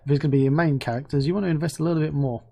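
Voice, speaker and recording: A man hosting a casual screen-recorded software review, chatty and excitable, thinking aloud as he clicks through. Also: on the high side, very fast, gravelly. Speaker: game asset reviewer.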